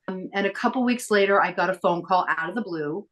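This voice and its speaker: A middle-aged woman telling stories as a podcast guest, chatty and lively as she acts out the people she quotes. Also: medium pitch, fast, hardly any pauses. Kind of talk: casual storytelling interview.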